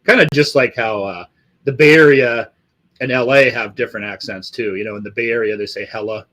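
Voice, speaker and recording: A man from Los Angeles hosts a casual livestream, rambling and swearing freely as he goes. His pitch sits in an ordinary middle range, and his talk is loose, eager and full of fillers. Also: brisk, a bit bright. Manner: profane, rambling, enthusiastic. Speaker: livestream host.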